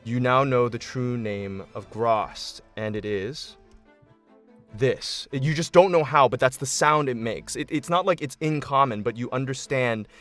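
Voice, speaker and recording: A man running a tabletop game as game master, describing scenes at length at a mid pitch. He talks easily, often restarting his phrases, with faint music behind him. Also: a little slow, fairly bright tone. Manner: descriptive, accommodating, with frequent restarts.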